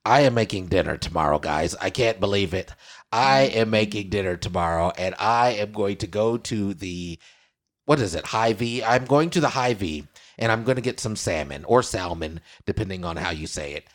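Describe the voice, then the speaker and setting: A man's voice: lowish voice, expressive, normal speed. A man hosting a casual studio chat show, playful and theatrical, keeps turning to his audience. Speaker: show host.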